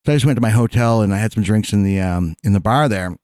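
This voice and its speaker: A man's voice: fairly low pitch, fast talker, a little mellow, smooth, no room sound, studio quality. A man in casual chat, telling long rambling stories full of fillers and restarts, laughing as he goes. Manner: rambling storyteller, many fillers and restarts, laughs mid-sentence.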